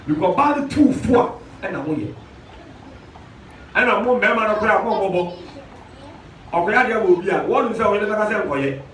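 A high-voiced man preaching, emphatic and repetitive, slipping between Twi and English. He is heard from a distance in an echoey church room with a faint hiss underneath. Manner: emphatic, repeats lines back, shouts at peaks. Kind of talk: sermon, mixing Twi and English.

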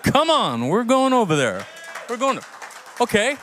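A man pastor preaching a sermon, telling a story with acted-out quotes and building to emphatic, near-shouted points. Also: very high-pitched, moderate pace, slight background noise. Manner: animated storytelling, acts out quoted voices.

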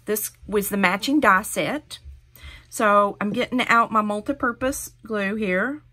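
A woman's voice: mid-range voice, a little slow, pushed and bright. Host, female, middle-aged: chatty, encouraging craft demonstrator, step-by-step delivery.

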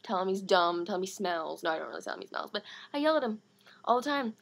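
A teenage girl vlogging in a casual, rambling, self-mocking way, talking in quick bursts. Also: medium pitch, animated, gravelly, a bit bright. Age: late teens. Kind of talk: casual vlog monologue.

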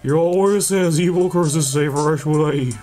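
A man voicing a doting old farmer father in a low, drawling put-on voice, for a game playthrough. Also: unhurried, over music, close to an everyday voice. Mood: pompous.

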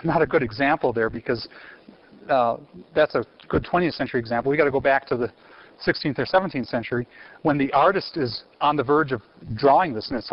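A man giving a university theology lecture in an animated way, quizzing his audience and restarting phrases. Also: medium pitch. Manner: animated, asks the audience questions, frequent restarts. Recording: muffled lecture recording.

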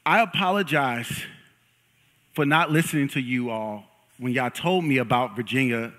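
Upbeat young pastor in a reverberant church. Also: male voice, medium pitch, moderate pace, slight background noise. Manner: lively, joking and hyping up the congregation. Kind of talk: sermon. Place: church sanctuary. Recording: long reverb of a large hall.

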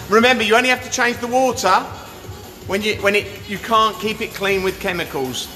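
A man hosting a hot tub giveaway livestream, hyping up his viewers with a pushy sales pitch and constantly asking "yeah?". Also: normal speed, sharp tone. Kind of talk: live-stream sales pitch. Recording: echoey room with music behind.

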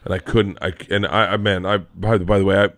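Low-voiced podcast host, swearing, stumbling. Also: male voice, level tone, fast, fairly bright tone, no echo. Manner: swears often, stumbles and restarts. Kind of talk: casual podcast chat.

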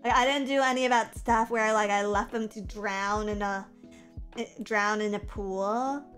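A young adult woman livestreamer chatting casually, reading viewer comments aloud and reacting in an animated, profane, self-mocking way. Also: mid-range voice, normal speed, soft background music.

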